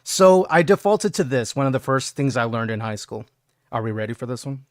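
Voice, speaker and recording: A male game streamer chats to his viewers in casual, animated storytelling and laughs often. His mid-range voice swoops up and down a lot. The desk mic sounds close and dry. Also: mid-range voice, brisk, dry recording. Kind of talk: casual chat while gaming.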